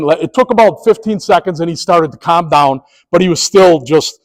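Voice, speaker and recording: A man training sports officials, telling a story in an animated way and acting out the scenes. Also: a little high, brisk, few pauses, low-quality recording. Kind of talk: storytelling presentation.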